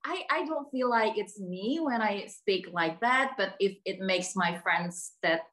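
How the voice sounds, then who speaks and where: A woman tells a personal story to her teacher. She hesitates often and fills pauses with ums and uhs. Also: medium pitch, expressive, fairly bright tone. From Indonesia. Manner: hesitant, many fillers. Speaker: workshop participant. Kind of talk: personal sharing.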